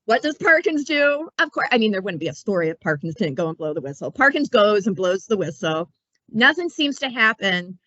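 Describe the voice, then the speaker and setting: A woman's voice: medium pitch, sing-song, fairly quick, a bit bright, dry recording, highs cut off. A woman librarian chatting casually about books, telling stories in a playful way with asides. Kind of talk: casual book talk.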